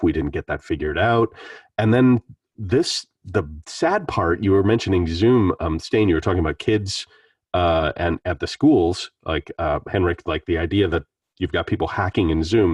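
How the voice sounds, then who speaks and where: A man with a very low, husky voice talks loosely and at length in a casual online panel. He sounds slightly off-mic, in a dry room. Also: dry recording, far from the mic. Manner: rambling, conversational. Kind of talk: casual online meetup discussion. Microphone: video call.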